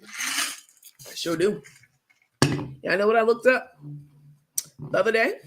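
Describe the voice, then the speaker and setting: A woman with a fairly high voice hosts a casual late-night livestream, speaking slowly against a noisy background. She's sassy and salty, laughs often, and answers viewer comments as they come in.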